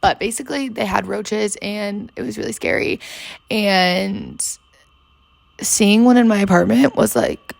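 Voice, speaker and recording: A woman's voice: mid-range voice, unhurried, creaky, no room sound. A woman in her twenties, hungover, chatting casually and rambling with lots of fillers and swearing as a podcast host. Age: 20s. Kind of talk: casual chat. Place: her bedroom.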